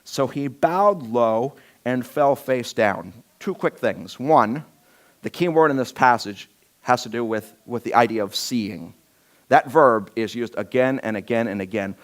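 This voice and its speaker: A male pastor preaching a sermon, telling a Bible story with humor and acting out the scenes. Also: mid-range voice.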